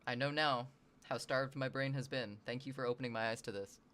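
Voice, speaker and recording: A streamer from the Northwestern US, chatting casually with viewers, animated and self-deprecating, swearing freely. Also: mid-range voice, brisk.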